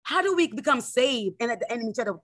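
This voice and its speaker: A woman's voice: expressive, quick pace, fairly bright tone. A woman minister preaching fervently in an online morning prayer, quoting scripture and mocking critics in a raised voice. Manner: fervent preaching with Bible quotes; mocks critics in a high voice.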